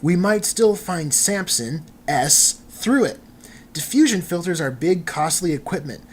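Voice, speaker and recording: An earnest young sidekick boy pleads in a lifted, urgent voice, as a man reads the comic aloud. The pitch sits up high, and the tone stays loyal and eager. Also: animated, unhurried, a little hiss or hum. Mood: earnest pleading. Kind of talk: comic book dramatic reading.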